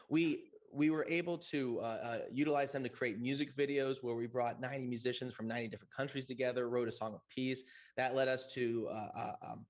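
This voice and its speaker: A man speaking as a VR game developer on a convention panel, eager but halting, with many "uh"s. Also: medium pitch. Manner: enthusiastic, halting, heavy with fillers.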